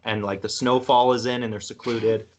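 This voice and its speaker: A man's voice: medium pitch, steady tone, moderate pace, slight background noise. A man from Canada hosting a podcast, rambling through a film retelling in casual chat. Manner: rambling, retells film scenes with acted quotes. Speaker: podcast host.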